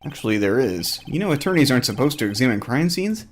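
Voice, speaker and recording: A man's voice: medium pitch, sing-song, quick pace, a little hiss or hum, lightly acted. A man reading an earnest young defense lawyer. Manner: reading game dialogue aloud.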